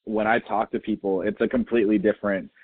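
Young male host, lowish voice, run-on enthusiastic talker; tinny, dry line. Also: flat delivery, quick pace, husky, no echo. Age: young adult. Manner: enthusiastic, slangy, thinks aloud in long run-on turns. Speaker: podcast host. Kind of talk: casual interview chat.

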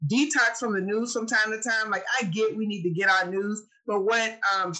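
A woman's voice: medium pitch, steady tone, moderate pace, sharp tone, poor audio. A woman co-hosting a casual chat, telling stories in an earnest, emotional way. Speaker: co-host.

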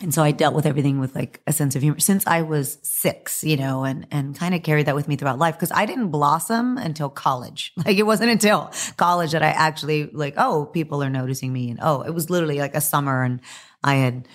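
A woman guest on a podcast, talking casually with a hoarse voice and an animated way of acting out quotes. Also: low voice, a little fast. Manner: animated, laughing, acts out quotes. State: hoarse from press junkets.

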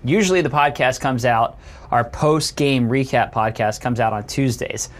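A man's voice: medium pitch, normal speed. A young man co-hosting a casual sports podcast, easygoing and teasing, often laughing. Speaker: podcast co-host.

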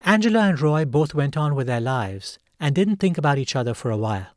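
A man hosting a podcast, narrating a true story in a calm, measured scripted read. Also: on the high side, no room sound, studio quality. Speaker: podcast host.

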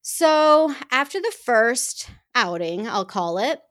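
A woman telling a personal story to women listeners in an earnest, heartfelt and expressive way. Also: a little high, takes it slowly, dry recording, clean studio sound. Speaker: speaker addressing women listeners.

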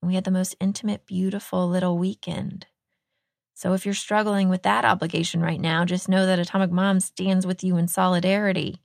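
A woman's voice: on the low side, flat delivery, fairly quick, vocal fry, dry recording, clean studio sound. A middle-aged woman from Texas hosting a podcast, chatting in a casual, self-deprecating way and laughing often. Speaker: podcast host.

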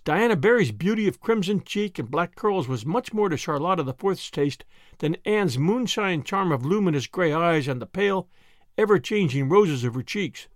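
A man narrating a novel aloud, storytelling in an expressive way. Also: high voice, moderate pace, dry recording, clean studio sound. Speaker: audiobook narrator. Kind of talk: scripted narration.

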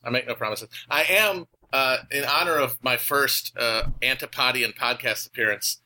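An American man chatting on a podcast in his own flat, nasal voice. He is wry and self-mocking, and his tone is sharply bright. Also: medium pitch, moderate pace, slight background noise. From United States. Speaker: podcast guest. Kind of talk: casual chat.

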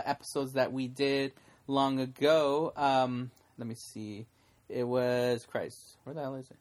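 A man's voice: medium pitch, smooth. A man hosting a casual podcast, talking in a chatty, rambling way and laughing often. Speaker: podcast host.

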